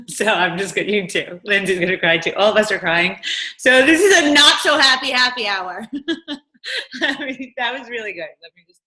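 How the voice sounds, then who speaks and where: A woman hosting a group call, tearful and emotional, her voice distant and quiet. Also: medium pitch, expressive, moderate pace, reverberant. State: crying. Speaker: host of the call.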